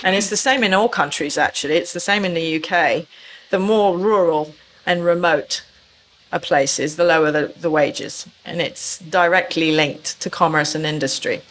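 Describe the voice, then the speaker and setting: A woman's voice: low-pitched, moderate pace, fairly bright tone, a little hiss or hum. A woman recruitment consultant speaking as a podcast guest, explaining fluently and confidently. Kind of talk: podcast interview.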